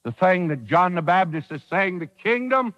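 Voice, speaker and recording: A man's voice: high-pitched, lively intonation, moderate pace, fairly bright tone, in a large hall. A man preaching a sermon with emphatic delivery and frequent rhetorical questions.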